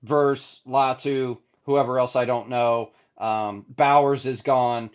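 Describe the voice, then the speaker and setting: A man of ordinary pitch hosting a casual live call-in show. He talks bluntly and with energy, with sudden jumps up and down in pitch and the odd swear word. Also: steady tone, slow, smooth. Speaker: host of a call-in fan show.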